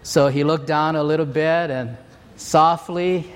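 A man in his sixties, from Hawaii, preaching a sermon in an earnest, measured storytelling way. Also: fairly high pitch, fairly even intonation, smooth. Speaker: pastor. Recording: long hall reverb.

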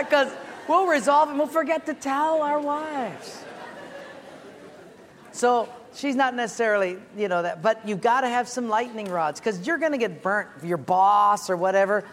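A middle-aged male pastor preaching a sermon, animated and acting out comic stories. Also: high voice. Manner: animated storyteller, acts out voices. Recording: echoey church hall, faint ambience.

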